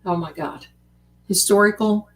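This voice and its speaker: A chatty woman with a drawl talks through a casual late-night livestream, warmly addressing her viewers as darlings. Her voice sits in an ordinary middle pitch and she talks at an easy, rambling pace over a home streaming mic. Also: measured pace. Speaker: livestream host.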